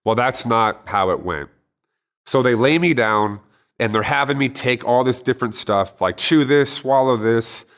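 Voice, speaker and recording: A man's voice: medium pitch, fairly bright tone. Earnest man telling a story. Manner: earnest, conversational, with frequent restarts. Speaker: storyteller sharing a personal testimony. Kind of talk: casual spoken testimony.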